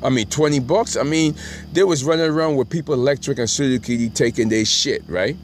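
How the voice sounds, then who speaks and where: A man's voice: medium pitch, brisk, a little hiss or hum. A middle-aged man telling a rambling, profane story and often asking "right?". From Brooklyn, New York.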